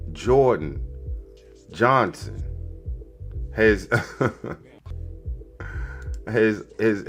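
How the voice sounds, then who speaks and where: A man with a fairly low voice hosts a podcast in loose, casual commentary. He repeats himself and drifts into slangy asides. Faint music plays behind him. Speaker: podcast host.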